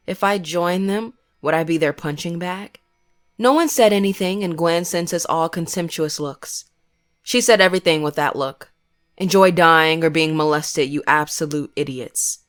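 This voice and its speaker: A woman giving scripted first-person horror narration in a measured, grim way. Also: lowish voice.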